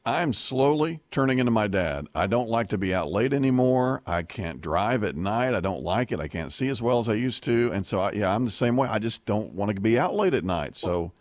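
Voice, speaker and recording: A man's voice: lowish voice, lively intonation, fairly quick, few pauses, no echo. A middle-aged man from Georgia, chatting in an easygoing, earnest way on a morning radio show. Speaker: show regular. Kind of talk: casual radio chat.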